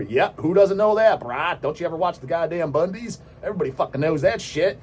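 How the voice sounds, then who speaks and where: A man hosting a metal vlog, ranting in a rambling, heavily profane monologue that now and then bursts into shouts. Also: fairly high pitch, animated, a little fast, hardly any pauses, husky. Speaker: host of a metal vlog channel.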